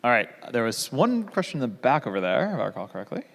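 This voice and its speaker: Gravelly man moderating a Q&A. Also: medium pitch, big pitch swings, quick pace. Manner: casual, directing the Q&A. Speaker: session moderator. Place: conference hall.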